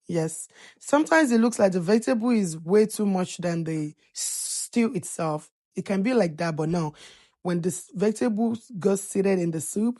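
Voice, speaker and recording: Lady narrating her cooking vid, low-ish voice, chatty and jokey. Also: warm tone. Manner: chatty and playful, teasing viewers with laughs. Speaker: cooking channel host. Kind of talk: casual voice-over narrating a cooking video.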